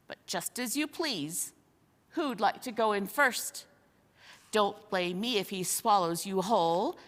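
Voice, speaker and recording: A woman's voice: medium pitch, fairly bright tone. A woman voicing a scheming, jeering old male ape in a storybook reading, with a mocking, bossy manner. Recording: long hall reverb.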